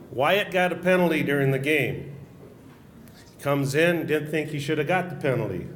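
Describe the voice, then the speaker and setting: A middle-aged man with an Upper Midwest American accent, a former hockey announcer telling funny stories at a banquet. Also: mid-range voice. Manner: joking anecdotal storyteller. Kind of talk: storytelling speech at a banquet. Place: banquet hall at a social event. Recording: echoey hall, faint room noise.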